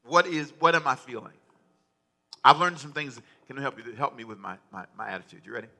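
A man's voice: mid-range voice, quick pace, pushed and bright. A man preaching a sermon as pastor, conversational and joking, often repeating himself. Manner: conversational, repetitive, humorous asides.

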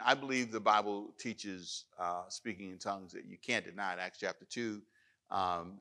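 A man pastor preaching a sermon, rising loud as he reads scripture, then taking questions in church. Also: lowish voice, vocal fry. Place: church hall with live audience.

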